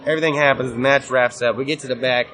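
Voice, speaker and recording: A man's voice: medium pitch, fairly even intonation, fast, a bit bright. A man telling a wild story in casual, profane talk, laughing often, recorded on a busy convention floor. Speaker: guest wrestler. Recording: noisy convention crowd. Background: crowd chatter.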